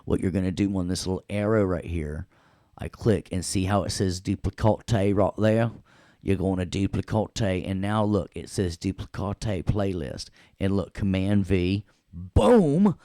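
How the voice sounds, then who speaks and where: A man's voice: low voice, fairly even intonation, moderate pace, dark tone, clean tone, dry recording. A man from Tennessee with a Southern accent, teaching a casual class and joking as he goes. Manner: playful, jokey, makes sound effects. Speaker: instructor.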